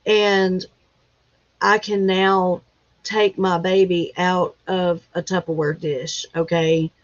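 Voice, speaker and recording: Slow, halting woman near tears. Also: lowish voice, little pitch movement. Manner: emotional, halting, fighting back tears. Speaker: livestream host. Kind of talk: casual livestream chat. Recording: dull lo-fi livestream audio.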